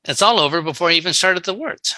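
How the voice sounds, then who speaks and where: A man's voice: high voice, lively intonation, fast, bright, forceful tone, no echo, low-quality recording. A man giving a folksy sales training talk on a video call, telling stories and acting out quotes. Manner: folksy, storytelling with acted-out quotes. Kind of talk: live online training talk. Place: online meeting.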